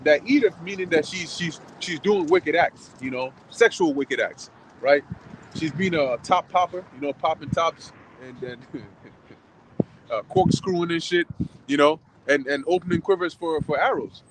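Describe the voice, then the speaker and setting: A man's voice: on the high side, measured pace, noisy background. A man in a casual group chat who talks loosely and repeats words as he goes. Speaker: discussion participant.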